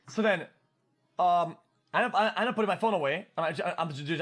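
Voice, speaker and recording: Excitable French-Canadian streamer guy, higher voice. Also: a little fast, long pauses. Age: 20s. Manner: excitable, swearing, stumbling repeats. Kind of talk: casual storytelling on stream.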